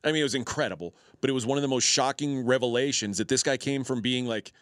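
A man's voice: medium pitch, quick pace, fairly bright tone, no echo, clean studio sound. A man hosting a sports betting talk show, making his points in a casual, opinionated way. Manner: opinionated, emphatic.

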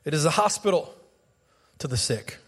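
A fairly high-pitched male pastor from the United States preaches with lively, conversational energy. He mixes self-deprecating humor with punchy repeated lines. His voice rings out with a long church reverb. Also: normal speed, slightly rough. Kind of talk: sermon. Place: church sanctuary.

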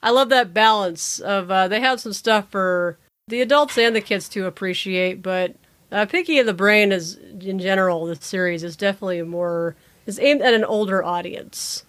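Woman, mid-pitched voice, casual chat, easygoing, soft trailing endings. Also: normal speed. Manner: relaxed, easygoing, trails off softly. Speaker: podcast co-host.

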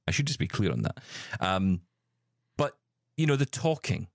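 Chatty, animated podcast host, man. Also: low-pitched, normal speed, vocal fry, no echo, studio quality. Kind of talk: casual chat.

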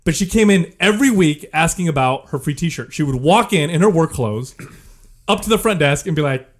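Profane storytelling man, lively pitch. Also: moderate pace. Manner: animated, profane, laughs while telling. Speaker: podcast co-host. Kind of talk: casual storytelling.

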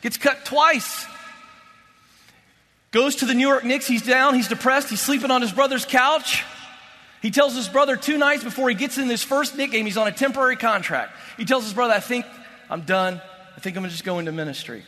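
A man in his late thirties giving an emphatic faith-based motivational talk to an audience, repeating key lines and dropping from loud to hushed. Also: very high voice. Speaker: motivational speaker. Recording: long hall reverb.

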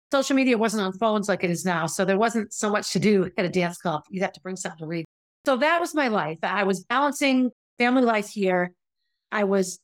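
A woman's voice: mid-range voice, no echo. A middle-aged woman hosting a podcast, telling her own story in a candid, conversational way and acting out what people said. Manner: candid and conversational, acts out quoted voices. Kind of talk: personal storytelling monologue.

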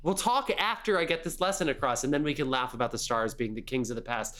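A man's voice: medium pitch, fast talker. A young man co-hosting a podcast, ranting about a movie with lots of swearing and mocking quotes. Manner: animated ranting with profanity and mock quotes. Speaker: podcast co-host. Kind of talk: casual movie review chat.

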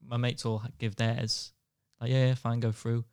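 A man's voice: medium pitch, flat delivery, moderate pace, a little mellow, smooth, no echo, clean studio sound. A young man, co-hosting a podcast and telling a rambling anecdote, acting out quotes between laughs. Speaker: podcast co-host. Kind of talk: casual storytelling chat.

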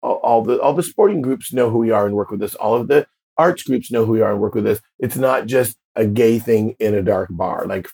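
A man in his fifties with a low, husky voice, spinning a long anecdote as an interview guest. He slips into other people's voices as he quotes them, and his telling is lively and playful throughout. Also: brisk. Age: 50s. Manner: animated storyteller, acts out quoted voices. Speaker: drag performer and guest. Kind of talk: casual interview storytelling.

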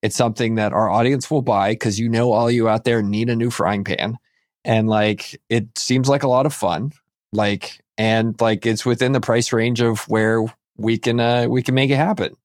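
A man's voice: mid-range voice, steady tone, normal speed, no echo, clean studio sound. A man co-hosting a podcast, chatting casually and joking, with many fillers. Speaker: podcast co-host. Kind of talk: casual chat.

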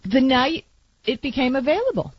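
A woman co-hosting a casual talk show, chatty and lively, with a breathy voice that swings widely in pitch. Her voice sits fairly high, and the sound is dull and lo-fi, close and dry. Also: normal speed, no echo. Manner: lively, chatty, laughs along. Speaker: co-host. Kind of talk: casual chat.

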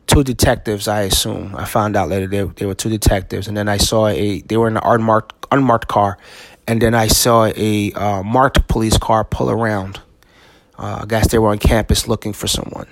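A middle-aged man hosting a podcast, telling a personal story in a halting, emotional way with many restarts. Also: fairly low pitch, creaky, no echo. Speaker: podcast host.

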